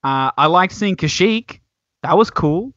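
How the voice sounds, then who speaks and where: A man co-hosting a casual podcast chat, relaxed and hesitant with many ums. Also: high-pitched, unhurried, no room sound. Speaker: podcast co-host. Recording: dull lo-fi, dry room.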